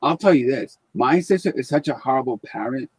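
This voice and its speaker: A man's voice: mid-range voice, lively intonation, a little fast, a little mellow, husky, dry recording. A man hosting a live stream in casual chat, blunt and rambling, swearing freely.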